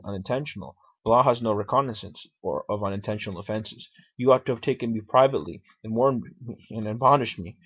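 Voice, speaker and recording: A man's voice: mid-range voice, breathy edge, lightly acted. A man voicing an aged male philosopher defending himself in court, arguing and questioning in a dramatic reading on a dull lo-fi recording. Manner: argumentative, questioning.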